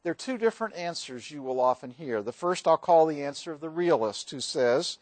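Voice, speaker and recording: High-voiced man preaching a sermon. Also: expressive, a little fast, a little mellow, dry recording. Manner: earnest preaching, acts out quoted prayers with rising intensity. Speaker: pastor.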